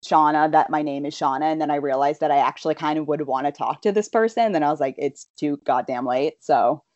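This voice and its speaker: A woman's voice: low-pitched, quick pace, darkish tone, no room sound, lo-fi sound. A young woman in her twenties telling rambling stories in a casual chat, full of fillers. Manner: rambling storyteller, many fillers. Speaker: guest.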